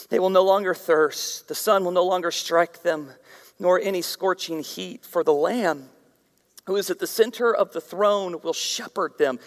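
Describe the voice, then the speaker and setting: A man preaching a sermon as a pastor, swinging from shouted emphasis down to hushed whispers. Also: high-pitched. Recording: reverberant hall, voice at times far from mic.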